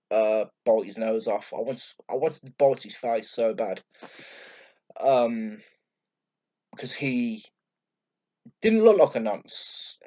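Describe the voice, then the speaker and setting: A man with a Birmingham accent telling a story to camera in a blunt, sweary, excitable way, acting out what others said. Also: on the low side, lo-fi sound. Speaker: vlogger. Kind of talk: casual storytelling vlog.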